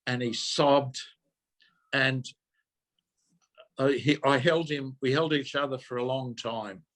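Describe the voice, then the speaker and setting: A man's voice: medium pitch, fairly even intonation, takes it slowly, fairly bright tone. An older man, a minister telling a personal story in an earnest way, often repeating and correcting himself. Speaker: minister giving a talk.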